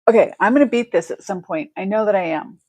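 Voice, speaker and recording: A woman's voice: medium pitch, quick pace, a little mellow, husky, no room sound. A woman hosting a casual live-stream, chatty and effusive as she thanks viewers and shows jewelry. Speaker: livestream jewelry seller.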